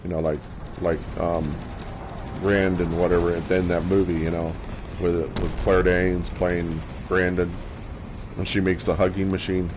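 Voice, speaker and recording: A man's voice: sits low, flat delivery, noisy background. A man talking casually over his gameplay, rambling and self-mocking, often stopping to restart his sentences. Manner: halting, many restarts. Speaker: gamer.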